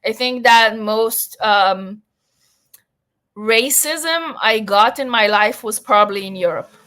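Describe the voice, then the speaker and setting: A young woman with a faint Israeli accent talks in a relaxed podcast interview. Her voice sits a little high and bright, and she speaks plainly and frankly. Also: slow. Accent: light Israeli. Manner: frank, matter-of-fact. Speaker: podcast guest.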